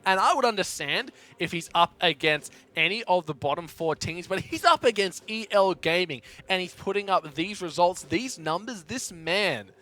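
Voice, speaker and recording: A man casting a live esports tank match with energetic, playful play-by-play. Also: sits high, normal speed, hardly any pauses. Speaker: esports caster.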